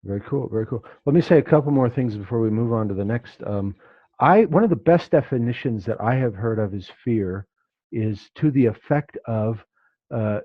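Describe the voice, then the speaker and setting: A man's voice: mid-range voice, expressive, normal speed, no room sound. A man leading a class discussion, who acts out the inner voices he quotes. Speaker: class teacher. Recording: dull dry lo-fi recording.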